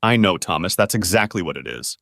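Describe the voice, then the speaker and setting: A man's voice: deep voice, big pitch swings, fairly quick, vocal fry, fairly bright tone, no echo, studio quality, pitched below the performer's own voice, exaggerated voice. A man reading the lines of a young woman who tearfully apologizes to her partner, in a pleading, remorseful way, with no change to his own voice.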